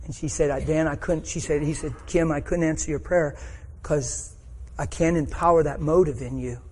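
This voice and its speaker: A man's voice: fairly high pitch, steady tone, normal speed, a little mellow, husky. A middle-aged man preaching a sermon, telling a personal story with rising emotion.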